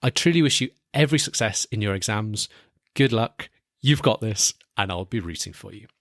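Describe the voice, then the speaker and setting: A man's voice: fairly low pitch, lively intonation, moderate pace, a bit bright, dry recording, clean studio sound. A young man hosting a study podcast, giving earnest, encouraging exam advice in scripted narration. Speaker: podcast host and exam coach.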